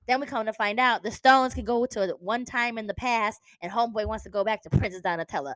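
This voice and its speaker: A woman's voice: fairly high pitch, quick pace, few pauses, fairly bright tone, dry recording. A woman, a podcast co-host ranting about a book in casual chat, swearing and laughing.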